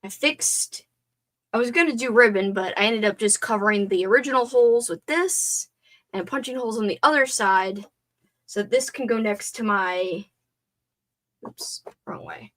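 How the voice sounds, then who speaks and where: A woman's voice: on the high side, moderate pace, fairly bright tone. A young woman hosting a casual livestream, chatting to herself as she crafts and sometimes swearing under her breath. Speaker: livestream host.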